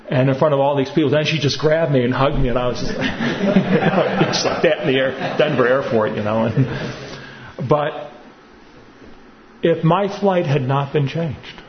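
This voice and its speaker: A priest preaches in a relaxed, storytelling manner, chuckling as he recounts his own experiences before drawing a spiritual lesson. His voice sits at an ordinary middle pitch for a man. The recording is a bit dull, with a faint hum of the room behind him. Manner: chatty storytelling, chuckles often. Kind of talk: homily with personal story.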